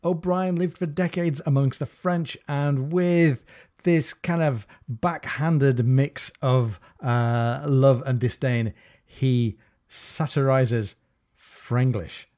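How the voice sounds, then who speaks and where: A man's voice: medium pitch, slow, darkish tone. A man hosting a book discussion podcast, talking through funny passages with enthusiasm. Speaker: podcast host.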